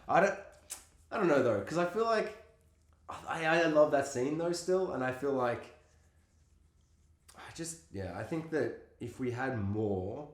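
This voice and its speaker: A male co-host talks about films in a casual, rambling way, his pitch rising and falling a lot. His middling voice carries a roomy echo. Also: a little slow. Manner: animated and rambling, full of fillers. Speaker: podcast co-host. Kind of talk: casual film discussion.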